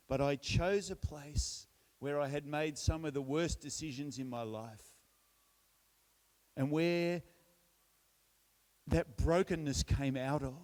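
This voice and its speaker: This middle-aged Australian man has a mid-range voice. He is telling his personal testimony at church in an easygoing storytelling manner, laughing at himself and frequently starting over.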